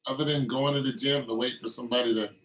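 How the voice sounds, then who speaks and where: A man's voice: mid-range voice, steady tone, quick pace, a bit bright, distant mic, a little hiss or hum. A man giving a teasing, needling comedic rant to the camera, firing mocking questions. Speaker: vlogger. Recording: echoey room, away from the mic.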